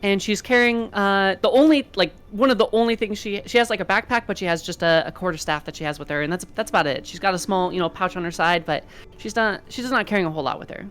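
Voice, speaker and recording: A woman's voice: medium pitch, fast talker, a bit bright, clean tone. A woman playing a tabletop game, describing her character in a rambling, hesitant way with many fillers. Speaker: player. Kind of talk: casual tabletop game chat.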